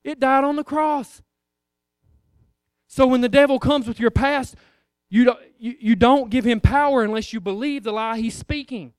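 A man's voice: extremely high pitch, moderate pace, hardly any pauses, clear, resonant tone, no room sound, clean studio sound. A man preaching a sermon, emphatic and repetitive, acting out little voices as he goes.

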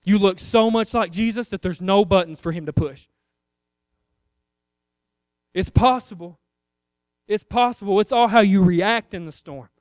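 A man's voice: high voice, measured pace, long pauses, clean tone, no room sound, clean studio sound. A man preaching a sermon, emphatic and repetitive, acting out little voices as he goes.

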